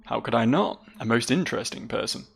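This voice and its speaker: An anxious, suspicious young nobleman from a video game, read aloud by a man. The voice is heavily gravelly. Lines run earnest and dramatic, with high lifts on worried questions. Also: expressive, brisk, full character voice. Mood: brooding.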